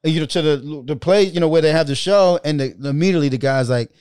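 A male comedian telling stories in a casual podcast chat, animated and swearing freely. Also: a little high, fast talker, smooth, no echo, studio quality.

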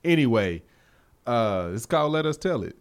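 Easygoing podcast co-host guy, jokey, mid pitch. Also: sing-song, moderate pace, clear, resonant tone. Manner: laid-back, joking, laughs often. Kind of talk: casual podcast chat.

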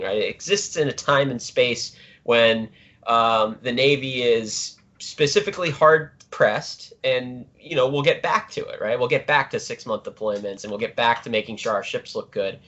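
A man's voice: mid-range voice, expressive, measured pace, a bit bright. A middle-aged man speaks as a podcast guest in a mid-range voice, hesitant and thick with fillers. His audio is a little muffled, like an online call. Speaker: podcast guest, naval writer. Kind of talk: casual interview answers.

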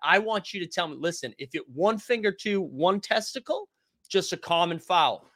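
A young adult man hosting a casual basketball live stream, talking loud and animated and answering the chat. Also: high voice, normal speed, no room sound, studio quality. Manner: loud, animated, yells often; reads and answers chat comments.

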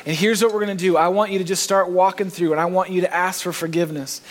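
A man's voice: high-pitched, steady tone, fast talker. A man preaching a sermon in a church, earnest and emphatic, rising on key phrases. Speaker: pastor.

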